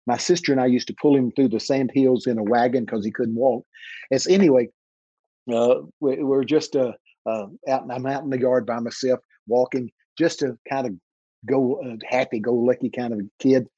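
With a medium-pitched, mellow voice, fairly even intonation, and a breathy edge, an elderly man in his 80s from Texas relates dramatic stories from his own life. He's a minister being interviewed, voicing the characters himself and slowing for emphasis. The audio is dull, with no echo.

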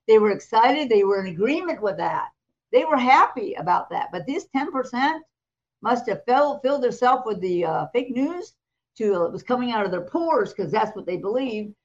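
An American woman tells a story on a talk show, slipping into the voices of the people in it and laughing as she goes. Her voice sits a little high. The sound is slightly dull, like a lo-fi recording. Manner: animated storyteller, acts out quoted voices, laughs often. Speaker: co-host and prophetic minister.

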